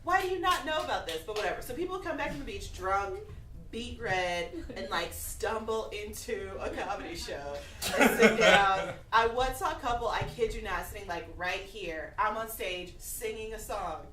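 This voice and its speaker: A woman's voice: mid-range voice, lively intonation, normal speed, a bit bright. A female comedian telling a blunt, exasperated story on stage. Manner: blunt, exasperated, bursts of laughter. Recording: echoey club from far off, noisy.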